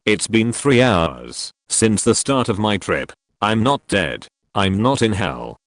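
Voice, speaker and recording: A man with a low voice reads a first-person story in scripted narration. His delivery rises and falls expressively, sinking to a hush on repeated words. The sound is close and completely dry. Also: very animated, dry recording. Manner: low, measured, drops to a hushed tone for repeated refrains. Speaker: narrator reading a trip report.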